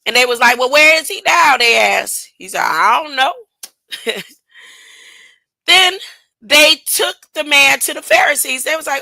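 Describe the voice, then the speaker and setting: A woman's voice: high voice, a little slow, vocal fry, long pauses, bright, forceful tone, dry recording, poor audio. A woman preaching an informal Bible lesson, acting out characters in casual speech and often laughing. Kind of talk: informal sermon with storytelling.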